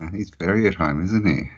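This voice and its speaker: A man's voice: deep voice, breathy edge. A man, the host, in casual chat, reacting briefly and asking short questions. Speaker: podcast host. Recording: dull lo-fi audio.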